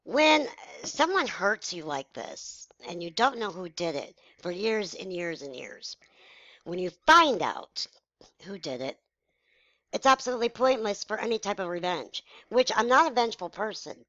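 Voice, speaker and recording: Speaking at normal speed in a medium-pitched, slightly bright and very animated voice, a female vlogger in her 40s shares a candid personal story with her viewers. She is frank, emotional, and blunt, and the muffled recording has no echo.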